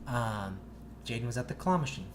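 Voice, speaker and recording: A young man co-hosting a podcast, telling a long story in a rambling, profane, animated way. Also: mid-range voice, moderate pace, background noise. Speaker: podcast co-host. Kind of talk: casual storytelling chat.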